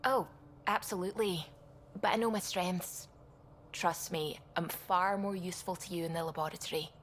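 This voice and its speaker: A woman's voice: fairly low pitch, steady tone, moderate pace, slight background noise, natural voice. Chatty scottish science lady, played by a woman, keen and rambly, faint ambience. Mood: eager. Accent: West Coast Scottish. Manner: enthusiastic, rambling. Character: eager, chatty female scientist.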